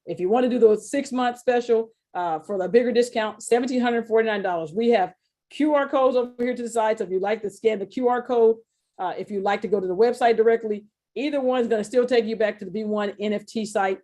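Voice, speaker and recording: A middle-aged woman runs a casual sales webinar with a mellow, relaxed voice. She talks in a chatty, colloquial way and slips into little acted-out quotes of other people. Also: a little high, fast talker. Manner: chatty and animated, acts out quoted voices, laughs often; informal, colloquial phrasing. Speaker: webinar presenter selling an NFT course.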